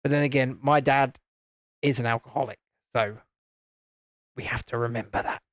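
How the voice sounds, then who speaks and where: A British man runs a laid-back livestream, building a model while he chats, reads viewer comments aloud and chuckles often. His voice is medium-pitched with fairly even intonation. He keeps a moderate pace, and there's no echo.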